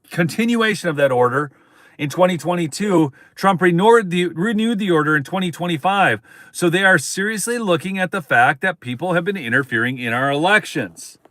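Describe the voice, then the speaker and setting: Guy doing a live stream rant, kinda high voice, dry close mic, keeps hammering points to his viewers. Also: fairly bright tone, dry recording. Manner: emphatic, repeats points, addresses viewers as folks. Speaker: political commentary host. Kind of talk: live-stream political commentary.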